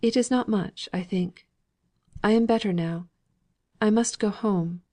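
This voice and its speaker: A woman's voice: medium pitch, unhurried, close to an everyday voice. A woman doing a faint, pleading young woman. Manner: soft, pleading yet resolute. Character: injured, faint but determined young woman.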